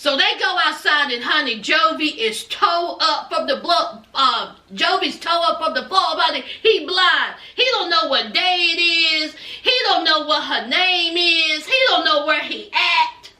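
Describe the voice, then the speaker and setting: A woman's voice: high-pitched, lively intonation, measured pace, hardly any pauses, pushed and bright, reverberant, distant mic. A woman in a sassy, dramatic casual recap of a reality show, laughing often and acting out what people said.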